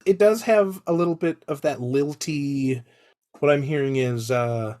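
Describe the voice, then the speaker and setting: A man co-hosting a podcast, chatting playfully and jokingly, his voice still a little hoarse from illness. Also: a little high, unhurried. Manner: playful, jokey, animated storytelling. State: recovering hoarse voice. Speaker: podcast co-host. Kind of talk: casual chat.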